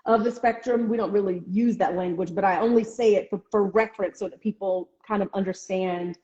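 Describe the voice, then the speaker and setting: A woman author chatting casually in an interview, full of ums and restarts. She often acts out other people's reactions in a high, excited voice. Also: brisk. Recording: echoey, dull lo-fi call audio.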